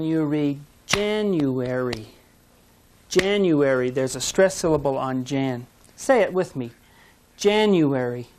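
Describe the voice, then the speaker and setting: Slow, patient woman teacher. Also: lowish voice, a little mellow. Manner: patient, encouraging, models words slowly for repetition. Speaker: English teacher. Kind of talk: slow, clear pronunciation lesson. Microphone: studio mic, language course tape.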